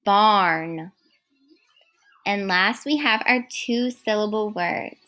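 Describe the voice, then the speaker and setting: A woman teaching a recorded first grade phonics lesson, speaking clearly and praising often. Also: mid-range voice, bright, forceful tone. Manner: slow, clear, encouraging teacher talk.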